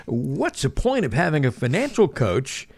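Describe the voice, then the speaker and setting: A man hosting a radio talk show, with an animated announcer delivery and a joking manner. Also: on the high side, moderate pace, gravelly.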